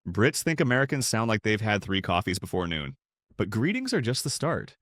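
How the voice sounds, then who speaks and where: Man narrating with a lively, lowish voice. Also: brisk, no room sound. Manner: playful, with upbeat jumps in pitch. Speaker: narrator of an explainer video. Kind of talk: scripted narration.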